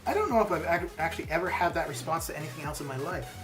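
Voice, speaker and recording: A man's voice: a little high, animated, rapid-fire. A man in his forties chatting casually on a live game stream, rambling and answering his chat. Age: 40s. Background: stream background music.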